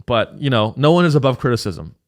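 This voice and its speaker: A man's voice: mid-range voice, big pitch swings, fast talker. A man hosting a podcast, talking casually in a rambling, profane and sarcastic way. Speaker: podcast host. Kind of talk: casual chat.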